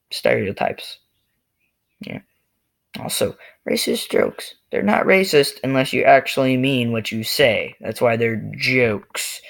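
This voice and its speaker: A man's voice: mid-range voice, gravelly, fairly bright tone. A man ranting to the camera in a loose, rambling, jokey way, full of fillers. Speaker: vlogger. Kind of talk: rambling monologue rant.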